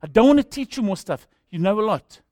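A pastor preaching a sermon in an animated, rhetorical way, with humorous asides. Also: male voice, high-pitched, brisk, no echo, clean studio sound.

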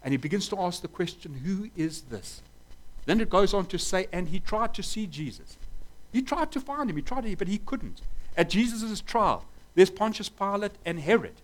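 A man's voice: high voice, lively intonation, normal speed, low-quality recording. A man preaching a sermon fervently, asking rhetorical questions and stressing his points.

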